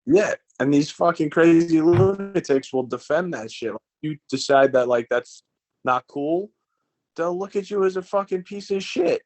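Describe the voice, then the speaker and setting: A man's voice: a little high, lively intonation, moderate pace. A man co-hosting a podcast in casual chat, ranting bluntly and swearing a lot. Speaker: podcast co-host.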